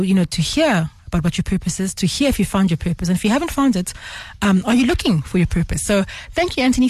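Radio host, woman, husky and fading voice, chatty, dry studio mic. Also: mid-range voice, a little mellow, dry recording. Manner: chatty, many fillers. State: losing her voice. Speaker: radio talk show host, medical doctor. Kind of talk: radio talk show. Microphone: studio microphone.

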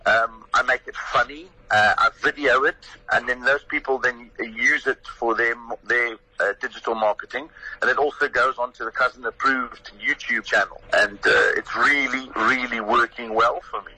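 An older man with a South African accent, a comedian telling animated stories as a guest on a radio interview. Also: medium pitch, moderate pace, breathy edge, poor audio. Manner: animated storyteller who acts out his own quotes.

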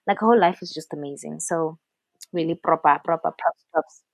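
A South African woman co-hosting a podcast, telling stories in a chatty, animated way with lots of fillers. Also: deep voice, brisk, gravelly, no echo. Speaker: podcast co-host. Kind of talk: casual chat.

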